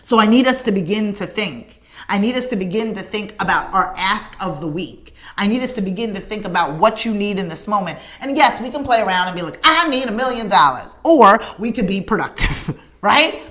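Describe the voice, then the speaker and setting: A woman's voice: mid-range voice, expressive, brisk, fairly bright tone. Woman, morning show host; emphatic motivational delivery, conversational. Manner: emphatic, preacherly, with conversational asides and laughs.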